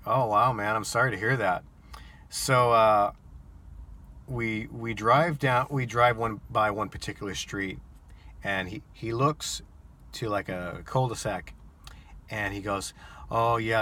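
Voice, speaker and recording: Rideshare driver guy rambling thru a story, lowish voice but bright and punchy, lots of ums. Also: fairly even intonation, unhurried. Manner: rambling, repeats words, many ums and uhs. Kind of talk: casual storytelling vlog.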